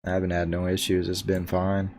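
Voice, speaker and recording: A man hosting a live reaction stream, reading out chat comments in a low-key, offhand way. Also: completely flat delivery, brisk, a little mellow.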